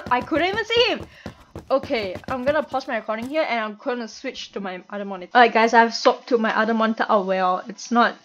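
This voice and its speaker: A woman with a stuffy nose and a cough, giving excitable, chatty gameplay commentary and laughing often. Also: a little high, quick pace, hardly any pauses. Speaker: gamer and streamer. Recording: dull lo-fi home recording, faint noise.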